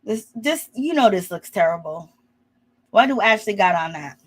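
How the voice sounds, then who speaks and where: A woman doing a casual, sassy reality show recap, chatty and quick to laugh. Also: medium pitch, expressive. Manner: sassy, chatty, peppers lines with "okay?" and "child"; laughs often.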